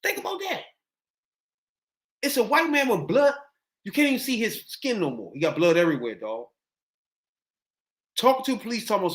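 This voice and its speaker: A male podcast host tells a story in loose, slang-filled chat. His fairly high voice rises and falls a lot as he gets into it. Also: moderate pace, long pauses. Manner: animated, slangy retelling.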